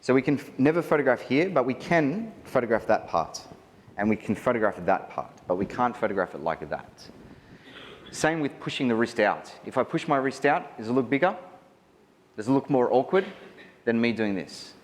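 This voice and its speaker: An Australian man giving a wedding photography seminar, chatty and animated, often asking the audience questions. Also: mid-range voice, normal speed. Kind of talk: live seminar talk to an audience. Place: large hall. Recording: reverberant hall with faint ambience.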